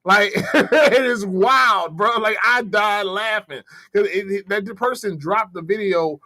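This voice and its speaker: A man hosting a comedy podcast, talking in a brash, profane, animated rant. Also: high-pitched, takes it slowly. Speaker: podcast host. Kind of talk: casual comedic chat.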